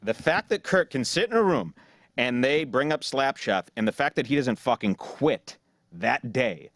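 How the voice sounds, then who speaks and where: A man's voice: mid-range voice, lively intonation, normal speed, a bit bright, no echo. A man hosting a casual podcast chat, talking bluntly with profanity and sarcasm. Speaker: podcast host.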